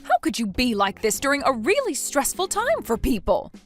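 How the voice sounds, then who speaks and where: Synthetic woman as an outraged scolding friend, high and lively, soft music under. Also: moderate pace. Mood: accusing. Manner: scolding, demanding questions. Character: indignant woman friend, accusing and shrill.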